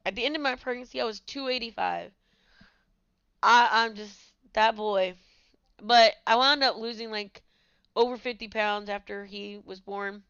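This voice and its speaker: A woman's voice: fairly high pitch, steady tone, normal speed, fairly bright tone, clear, resonant tone, no room sound, dull audio. A woman in her thirties hosting a podcast, telling her own story in a candid, conversational way. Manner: candid, conversational, with many fillers. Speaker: podcast host. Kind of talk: personal storytelling.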